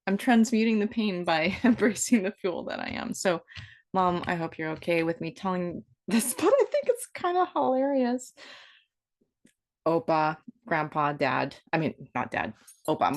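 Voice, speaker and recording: A woman's voice: deep voice, moderate pace. A woman in her fifties talking in an improvised, rambling monologue, playful and self-mocking as she wanders from one thought to the next. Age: 50s. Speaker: vlogger.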